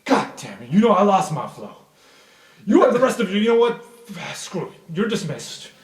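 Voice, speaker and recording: A woman voicing a short-tempered male music professor who shouts and curses. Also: mid-range voice, big pitch swings, normal speed, reverberant, voice pushed up, natural voice. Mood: exasperated.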